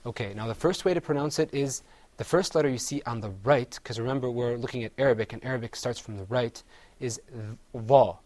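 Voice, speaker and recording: A man's medium-pitched, darkish voice moves at a quick pace as he runs a pronunciation drill on Arabic letter sounds. Patiently, he voices each letter for the class to echo back, walking through mouth positions step by step.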